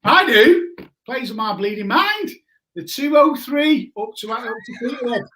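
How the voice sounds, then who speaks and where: A man in his forties telling a story in a casual chat, animated and laughing often, greeting viewers as he goes. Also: extremely high pitch, a little slow. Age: 40s. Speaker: guest.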